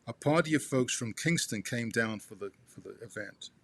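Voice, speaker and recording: A man reading a memoir aloud to his father, halting with restarts and turning asides to the listener as "you". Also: mid-range voice, fairly bright tone, no echo.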